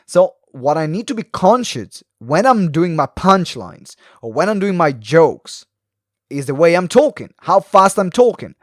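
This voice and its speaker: A man hosting a solo live video talk for entrepreneurs, animated and fast-talking, swinging his pitch and pace, with many ums and uhs. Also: no echo, clean studio sound. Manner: animated, varies pace and pitch with frequent fillers. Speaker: podcast host. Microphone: close mic, live video stream.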